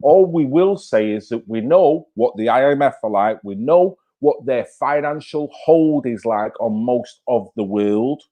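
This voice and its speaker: A man's voice: medium pitch, animated, unhurried, few pauses, lo-fi sound. Fired-up blunt Englishman ranting. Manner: blunt, swearing, fired-up rhetorical questions. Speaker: channel host. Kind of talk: casual live-stream commentary.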